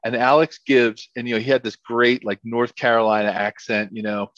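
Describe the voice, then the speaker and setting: A man's voice: medium pitch, little pitch movement, normal speed, a bit bright, dry recording, dull audio. A middle-aged man, a former football lineman, telling stories as a guest in a casual interview, rambling and repeating words with many fillers.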